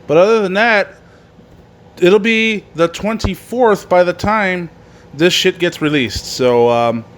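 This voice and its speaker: A man hosting a wrestling show, talking loosely and swearing often, with many ums and restarts. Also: high voice. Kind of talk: casual profane podcast monologue.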